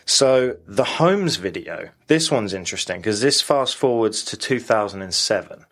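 A man's voice: fairly low pitch, lively intonation, normal speed, a bit bright. A man co-hosting a podcast in casual chat, laughing often and poking fun at himself as he walks through old evidence. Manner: chatty, laughs often, self-deprecating. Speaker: podcast co-host.

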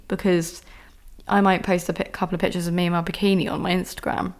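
Exasperated young woman ranting, gravelly. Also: fairly low pitch, level tone, fast. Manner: exasperated, swears often, mimics men's voices. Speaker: podcast host. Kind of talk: casual solo podcast rant.

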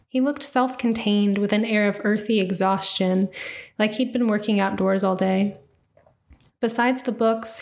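A woman narrating a first-person story in an even, reflective reading voice. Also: medium pitch.

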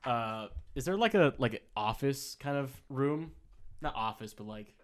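A man's voice: mid-range voice, animated, normal speed. Rambling man playing a tabletop game. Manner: rambling, hesitant, with fillers. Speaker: player. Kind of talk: casual chat while playing a tabletop game.

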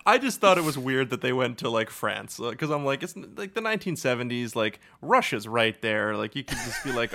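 A man with a bright voice trades jokes on a podcast. He is sarcastic and casual, and "like" runs through nearly every sentence. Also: medium pitch, big pitch swings, a little fast, creaky, hardly any pauses, a little hiss or hum. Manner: joking, sarcastic, lots of "like". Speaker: podcast co-host. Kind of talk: casual chat.

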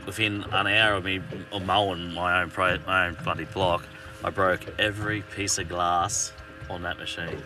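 A man's voice: deep voice, moderate pace, distant mic, music in the background. A man, a podcast guest, telling a story in casual, swearing, laughing chat. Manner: swearing, laughing, animated retelling.

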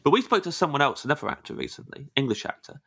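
A man's voice: fairly high pitch, sing-song, very fast, fairly bright tone, slightly rough. A man co-hosting a podcast, asking playful questions in casual chat. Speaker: podcast co-host.

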